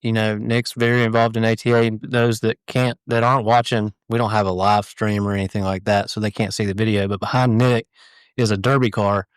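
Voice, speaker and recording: A man's voice: fairly low pitch, level tone, a little fast, clean tone, no echo. A man with a Southern US accent co-hosting a podcast, chatting casually with short friendly reactions. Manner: brief friendly interjections, conversational. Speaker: podcast co-host.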